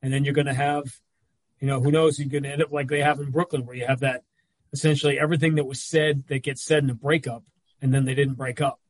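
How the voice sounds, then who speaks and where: A man talking basketball in casual chat as a regular analyst, telling stories with quick asides. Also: medium pitch, flat delivery, no room sound.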